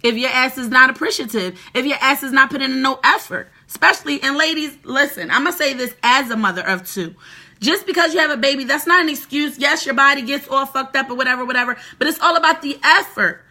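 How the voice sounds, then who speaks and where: Woman host, bright and a bit high, brash straight-talking relationship advice. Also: fast. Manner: profane, brash, animated and lecturing. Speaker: mother of two. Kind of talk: blunt advice monologue.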